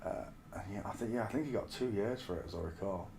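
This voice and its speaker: An English streamer in his forties chats casually, spinning rambling stories and calling the listener mate. His voice is low and gravelly, he talks fast, and there's background noise.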